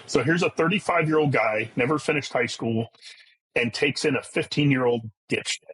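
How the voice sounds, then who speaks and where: A man's voice: medium pitch, moderate pace, a bit bright, husky, low-quality recording. A middle-aged man as a podcast guest, telling his life story in a blunt, earnest way with casual profanity. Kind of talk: candid personal storytelling.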